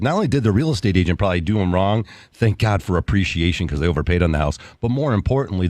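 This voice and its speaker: Brief: male talk radio host, lively and quick, dry close mic. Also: on the low side, no echo. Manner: energetic, folksy, plugs sponsors. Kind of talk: radio business talk show.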